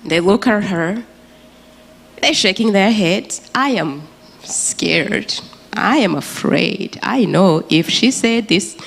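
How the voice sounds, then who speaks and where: A woman's voice: medium pitch, lively intonation, slow, creaky, slightly rough. A woman from Rwanda, giving an earnest, emotional personal testimony as a guest speaker in a church. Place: large church auditorium. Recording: reverberant church hall, faint ambience.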